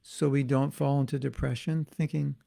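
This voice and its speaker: A man's voice: mid-range voice, level tone, normal speed, gravelly, warm tone. A man giving an informal devotional class as a spiritual teacher, talking in a musing, conversational way with frequent restarts and asides.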